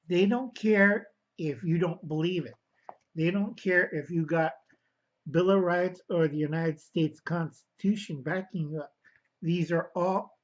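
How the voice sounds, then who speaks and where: A man's voice: high voice, dull audio. A man vlogging a casual political rant, rambling, correcting himself, and angrily calling his viewers kids. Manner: angry, addresses viewers as kids.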